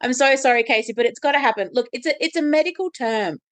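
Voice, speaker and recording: A woman's voice: high voice, fast talker. Giggly, rambling woman co-host. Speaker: podcast co-host. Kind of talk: casual chat.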